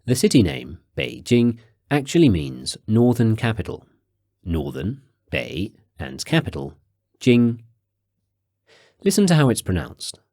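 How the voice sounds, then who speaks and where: A man narrating a guided audio language course, giving clear, measured prompts and slowing down for key phrases. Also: lowish voice, wildly swooping pitch, a little mellow, no room sound, studio quality.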